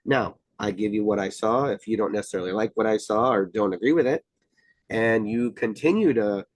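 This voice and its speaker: A middle-aged man from Iowa, a wrestling official talking through rules in a casual podcast chat, measured and full of fillers. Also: fairly low pitch, no echo. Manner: measured, explanatory, many fillers.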